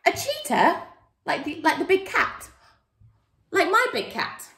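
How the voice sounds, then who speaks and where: A woman's voice: very high-pitched, huge pitch swings, measured pace, a bit bright, reverberant, far from the mic. A woman leading an online yoga class for young children, playful and sing-song as she calls out poses and games. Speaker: kids yoga teacher.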